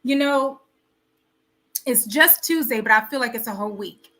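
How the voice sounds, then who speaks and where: A woman with a slightly high voice and a sharp tone speaks at normal speed, hosting a wellness talk show. She preaches in a motivational live talk, full of rhetorical questions and repeated phrases.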